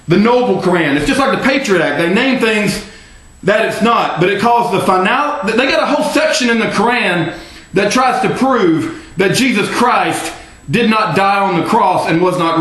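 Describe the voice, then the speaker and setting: A man delivering an angry, rambling monologue to camera, often shouting. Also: sits high. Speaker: political video blogger. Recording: very echoey room.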